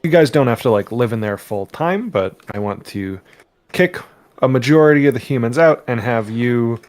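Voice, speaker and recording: A man's voice: medium pitch, moderate pace, a little mellow, no room sound. A man playing in a tabletop game, joking around and talking in character to the game master. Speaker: player. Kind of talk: casual tabletop play.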